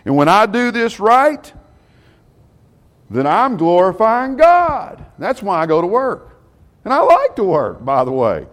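A man preaches to a small Bible class. His voice sits a bit high for a man and swings widely in pitch. He keeps throwing rhetorical questions at his listeners. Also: huge pitch swings, measured pace.

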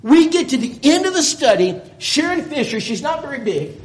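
A man's voice: very high-pitched, moderate pace. A man preaching, telling a folksy story and voicing the people in it. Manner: folksy, animated storyteller voicing quoted dialogue. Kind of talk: storytelling sermon. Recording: echoey room with faint background noise.

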